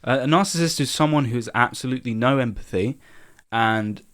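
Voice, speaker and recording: A man's voice: medium pitch, fairly bright tone. Young male co-host, mid voice, blunt casual talker. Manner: opinionated, quick to push back. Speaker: podcast co-host. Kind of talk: casual chat.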